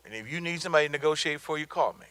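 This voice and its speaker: In a low-quality recording with slight background noise, a middle-aged man gives a motivational business talk as a guest speaker. His voice is a little high, racing, pushed, and bright. He tells stories in an emphatic, colloquial manner, hammering home his points with punchlines he repeats.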